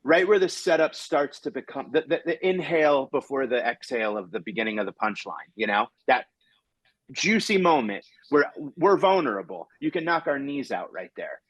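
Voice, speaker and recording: A male comedian hosting a podcast, talking in a rambling, animated way and acting out quoted exchanges as he tells a story. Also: medium pitch, normal speed, no echo, rough recording. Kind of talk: casual chat.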